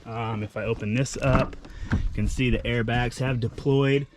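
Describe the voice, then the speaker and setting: Speaking at normal speed with fairly even intonation and a mid-range voice, this young man from California is heard over background noise. In his casual car vlog he walks around a wrecked car he plans to rebuild, upbeat, filler-heavy with "um" and "like," and talking with his hands.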